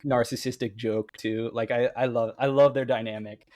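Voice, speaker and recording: An excited man co-hosting a book podcast, chatting casually and laughing often. His voice is mid-pitched and sounds dry and close, with no room echo. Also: normal speed. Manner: enthusiastic, laughs often, reads quotes aloud. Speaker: podcast co-host.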